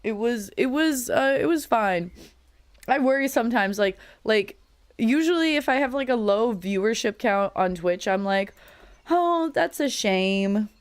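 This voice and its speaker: A woman's voice: fairly high pitch, animated, normal speed, clean tone, dry recording. A young adult woman live streamer in casual, rambling chat with her viewers, laughing often, her voice cracking a little.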